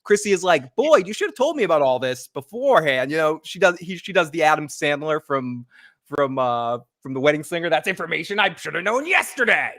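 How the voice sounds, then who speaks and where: Male co-host, rambling casual recap, slightly high voice, dry close sound, a bit breathless. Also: expressive, brisk, fairly bright tone, no echo. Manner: rambling, acts out character quotes. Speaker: co-host giving episode recap.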